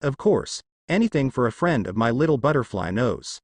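Doting middle-aged shopkeeper dad voiced by a man, gruff, fond, lively, dry. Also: mid-range voice, moderate pace, no room sound.

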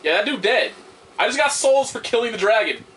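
A young man with a high, bright, sharp voice talks through a video game in a loose, rambling way. He grumbles and swears in frustration. Faint game sound hums behind him. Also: big pitch swings, a little fast, a little hiss or hum. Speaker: gameplay commentator. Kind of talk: casual let's-play commentary.

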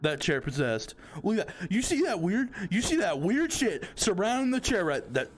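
Young male gamer, high voice, voice swinging wildly, jumpy and swearing through a scary game. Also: big pitch swings, normal speed, breathy edge. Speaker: gamer playing a horror game. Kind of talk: nervous let's-play commentary.

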